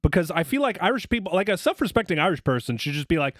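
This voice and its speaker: A man's voice: sits high, big pitch swings, racing, fairly bright tone, no echo, studio quality. A man co-hosting a podcast, ranting crudely with exaggerated mock anger. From Boston area, US. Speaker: podcast co-host. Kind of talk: profane comedic rant.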